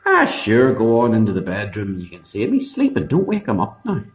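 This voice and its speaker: A man voicing a crafty wife, hushed and soothing. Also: fairly low pitch, wildly swooping pitch, a little fast, faint music behind. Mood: coaxing. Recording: echoey room.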